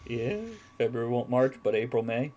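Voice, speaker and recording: A man's voice: mid-range voice, little pitch movement, normal speed, mellow, a little hiss or hum. A man hosting a casual live-streamed chat show, reading viewer comments aloud and chuckling often. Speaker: host.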